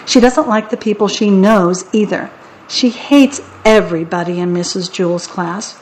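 A woman narrating a children's audiobook in a wry, deadpan way. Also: mid-range voice, moderate pace, a little hiss or hum, low-quality recording.

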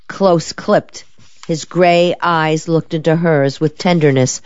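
Female audiobook narrator, low voice, measured, dry dull lo-fi sound. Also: a little mellow, smooth, no echo. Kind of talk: scripted narration of a novel.

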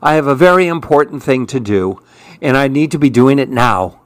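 Man voicing a brisk, bothered storybook pigeon, hurried and huffing, slightly low. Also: animated, dry recording, clean studio sound, natural voice. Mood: impatient. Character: busy huffy male pigeon, brisk and impatient.

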